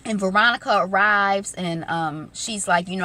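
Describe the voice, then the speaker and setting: A young adult woman vlogs a casual recap of a reality show episode, chatting away, acting out the quotes, and filling her talk with ums and side comments. Her mid-range voice is bright and forceful, moving at a normal speed with few pauses. There's slight noise in the background.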